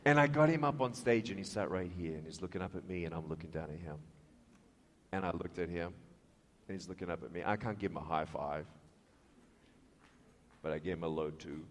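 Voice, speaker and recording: A man with an Australian accent giving a motivational speech, telling stories in an animated way with sound effects and acted-out dialogue, in a large hall. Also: low voice, a little fast, pauses often, slight background noise. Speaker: motivational speaker. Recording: echoey hall reverb.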